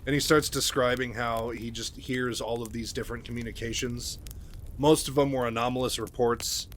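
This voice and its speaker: A man's voice: medium pitch, fairly even intonation, normal speed, a bit bright, a little hiss or hum. A man casually reading a game novel aloud, with chatty asides. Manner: chatty, loose, with filler asides. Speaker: story reader. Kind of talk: casual read-aloud with commentary.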